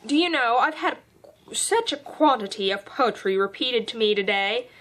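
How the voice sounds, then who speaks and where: A woman's voice: a little high, animated, normal speed, fairly bright tone, a little hiss or hum. A woman voicing a polite, earnest young girl in an audiobook reading, speaking carefully.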